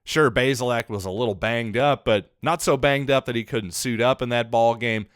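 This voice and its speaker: A man hosting a solo sports podcast, talking in an animated, sarcastic way with rambling asides into a close mic. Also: mid-range voice, normal speed, smooth, dry recording. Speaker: podcast host.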